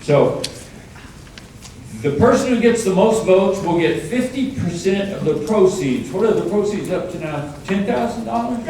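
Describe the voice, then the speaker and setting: A man hosts a live storytelling night and explains the rules in a loose, rambling way. His voice sits fairly high. He is heard from a distance in a big echoing hall, with audience noise and a steady hiss behind him. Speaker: event host. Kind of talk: announcing at a live storytelling event. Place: indoor event hall with audience. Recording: echoey hall, mic far off, crowd noise.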